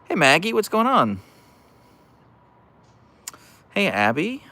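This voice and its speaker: Lounging on his couch at home, a dog-owning man hosts a casual livestream, chatting, joking, and reading viewer comments aloud. His voice sits high and sounds pushed and bright, with huge pitch swings and a slow pace.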